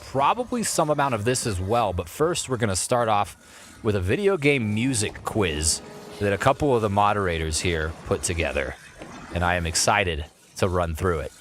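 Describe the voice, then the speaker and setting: A man's voice: lowish voice, fairly bright tone, slight background noise. A man live-streaming a game, playfully chatting to in-game objects and answering chat. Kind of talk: live gameplay commentary. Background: faint game music.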